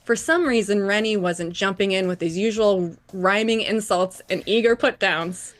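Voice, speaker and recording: A woman's voice: mid-range voice, moderate pace, faint music behind. Woman reading a novel aloud. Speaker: podcast co-host.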